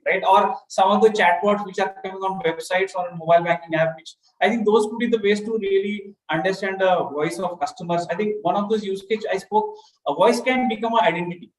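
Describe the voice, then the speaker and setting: Male panelist, high voice, roomy echo, rambling list of points. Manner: loose, listing points, often adds "right?". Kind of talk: panel discussion.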